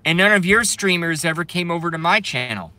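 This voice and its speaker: This streamer's voice sits a little high and comes across as expressive, pushed, and bright in a dry recording. He wanders from topic to topic, curses, reads the chat out loud, and laughs frequently, cutting himself off and stretching his fillers.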